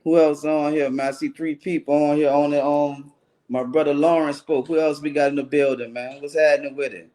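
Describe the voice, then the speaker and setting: Man, casual stream host, greets chat, slangy, higher pitch. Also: little pitch movement, a little fast, warm tone. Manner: loose slangy banter, calls out viewers by name. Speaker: livestream show host.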